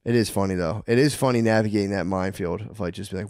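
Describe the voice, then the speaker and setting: A man co-hosting a podcast in casual chat, telling animated stories and acting out quotes with sudden yelps. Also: fairly low pitch, fast talker, dry recording, clean studio sound. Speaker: podcast co-host.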